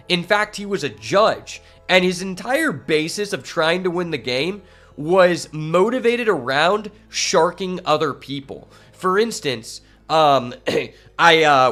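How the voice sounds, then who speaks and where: A man telling a long rambling story while playing a card game, swearing freely and filling pauses with fillers. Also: on the high side, fairly bright tone. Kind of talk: casual storytelling while gaming.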